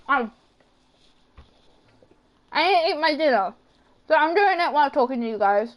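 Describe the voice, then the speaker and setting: A woman's voice: sits high, big pitch swings, moderate pace, pauses often. A young woman streaming a game, chatting to viewers in a hyper, playful way with mock wailing. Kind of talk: hyper casual live-stream chat.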